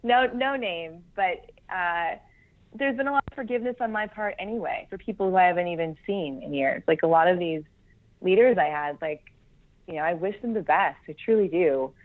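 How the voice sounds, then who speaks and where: A young woman, a Marine Corps veteran appearing as a guest, talks candidly about her past in an interview conversation, frank and self-deprecating and laughing between points. She speaks briskly in a voice a little low for a woman. The audio is thin and tinny, as if over a phone line.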